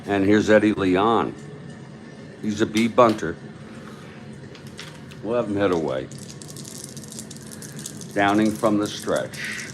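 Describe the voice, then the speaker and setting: A man hosting a tabletop baseball replay, giving calm, measured play-by-play with chatty asides to viewers. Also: fairly low pitch, a little hiss or hum. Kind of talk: play-by-play commentary of a board game replay.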